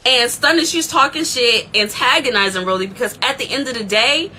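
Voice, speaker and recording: Woman, recap host, casual chat, excitable, bright voice, slightly high. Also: fairly quick, few pauses, faint music behind, poor audio. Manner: excitable, animated storytelling.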